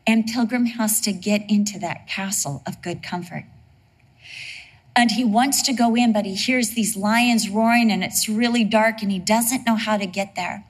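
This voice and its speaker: A woman preaching a sermon in a lively, humorous storytelling way. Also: mid-range voice, moderate pace, slightly rough.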